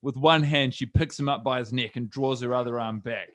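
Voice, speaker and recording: A man's voice: medium pitch, brisk, no room sound. A man with a New Zealand accent reading stage directions aloud for a live comedy script reading, dropping wry asides.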